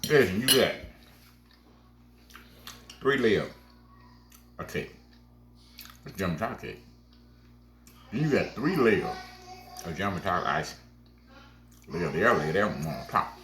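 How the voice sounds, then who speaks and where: A man's voice: deep voice, expressive, measured pace, pauses often, fairly bright tone, a little hiss or hum. A man hosting a home baking channel, chatting casually and exclaiming over his cake while calling viewers baby and sweetheart. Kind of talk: casual cooking vlog chat. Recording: echoey room, faint music behind.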